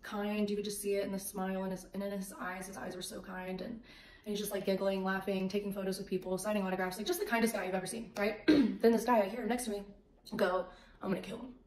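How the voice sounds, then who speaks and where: A woman giving a casual faith testimony, animated and acting out the voices in her story. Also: mid-range voice, fast. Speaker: faith vlogger. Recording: echoey room.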